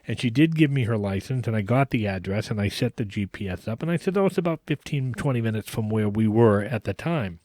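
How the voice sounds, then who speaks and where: A man hosting a podcast, casually telling a long anecdote in an animated way, with frequent restarts. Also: lowish voice, normal speed, dry recording, studio quality. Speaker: podcast host. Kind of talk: casual storytelling.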